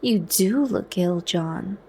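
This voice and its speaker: A woman voicing a kind young man who speaks to his friend with gentle concern in a whispered role-play. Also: sits high, slow pace, a little hiss or hum.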